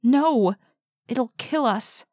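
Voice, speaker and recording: Brief: woman doing a scared, teary young woman, higher and shaky, dry close sound. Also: a little slow, a little mellow, dry recording, close to an everyday voice. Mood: panicked. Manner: shaky, hesitant, pleading. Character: frightened tearful young woman.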